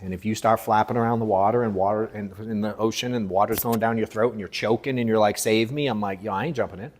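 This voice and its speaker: A man in his thirties running a live sales coaching session, blunt and profane, moving between forceful emphasis and low, quiet asides. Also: little pitch movement, fast, slight background noise.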